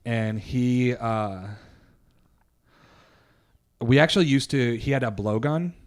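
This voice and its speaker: A man's voice: mid-range voice, takes it slowly, clean tone. A man co-hosting a podcast, telling childhood stories in a rambling, profane way, laughing and acting out quotes. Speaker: podcast co-host. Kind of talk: casual storytelling chat.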